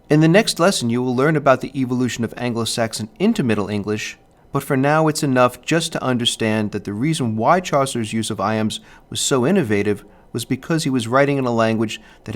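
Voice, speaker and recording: Reading a scripted literature lesson, this man, a teacher, sounds out stress patterns while speaking in a clear, measured way. His voice is mid-range.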